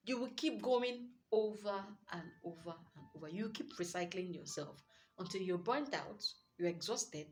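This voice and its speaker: A young adult woman with a Nigerian accent giving earnest, lively relationship advice as a coach, with Pidgin asides. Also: medium pitch, unhurried. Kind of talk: motivational advice talk.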